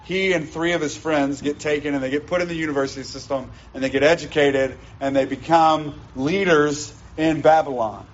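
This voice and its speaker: Brief: male pastor, fairly high voice, emphatic sermon delivery, dull lo-fi recording. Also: steady tone, moderate pace, few pauses, slight background noise. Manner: emphatic teaching, repeats key lines. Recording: dull lo-fi sound.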